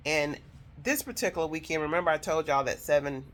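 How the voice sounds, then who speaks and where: A woman's voice: low voice, animated, brisk, a bit bright. A woman telling viewers a personal story in an emotional, heartfelt way, speaking straight to them. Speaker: vlogger telling her own story.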